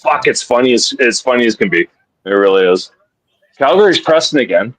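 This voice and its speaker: A man co-hosting a live hockey betting stream, chatty and excitable, laughing often. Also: mid-range voice, fairly quick, no echo. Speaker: co-host of betting show. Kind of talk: casual live betting chat.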